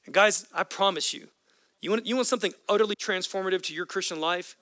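A male pastor delivers a sermon with a high, bright, forceful voice. He builds impassioned runs of repeated phrases. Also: fast, no echo. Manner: impassioned, repetitive preaching cadence.

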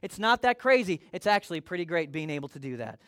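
A middle-aged man preaching a sermon as pastor, conversational and animated, acting out little quotes. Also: on the high side, fast, no echo, clean studio sound.

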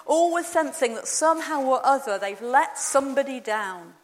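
A woman giving a measured, gentle, reflective sermon in a church. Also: sits high, expressive. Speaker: preacher. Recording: long reverb of a large hall.

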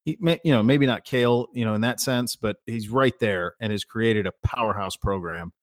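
A man's voice: lowish voice, normal speed, no room sound, studio quality. A middle-aged man co-hosting a podcast in casual chat, a rambling storyteller who often restarts his sentences. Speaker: podcast co-host.

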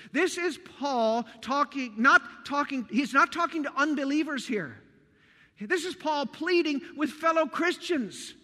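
Male pastor, very high bright voice, earnest emphatic sermon, long church reverb. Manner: earnest, emphatic preaching with rhetorical questions. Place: church sanctuary.

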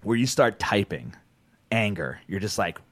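A man's voice: on the low side, measured pace, no room sound, studio quality. A man from New Jersey hosting a podcast, talking casually with lots of swearing and restarts. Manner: rambling, profane, animated, with many restarts. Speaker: podcast host. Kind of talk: casual chat.

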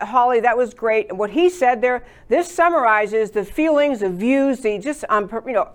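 A woman hosting a political talk show, giving indignant, emphatic commentary between clips. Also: a little high. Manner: indignant, emphatic, lists grievances.

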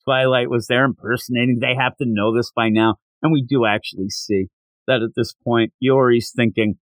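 A man's voice: mid-range voice, normal speed, no echo, low-quality recording. A man hosting a podcast, chatting casually as he retells a manga chapter and quotes its characters. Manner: animated retelling with quoted lines. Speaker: podcast host. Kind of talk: casual manga recap chat.

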